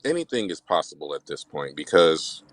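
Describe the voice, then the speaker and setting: Deep-voiced man, direct and measured. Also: big pitch swings, no echo, rough recording. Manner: direct, measured, speaks in long reasoning runs. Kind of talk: casual livestream chat.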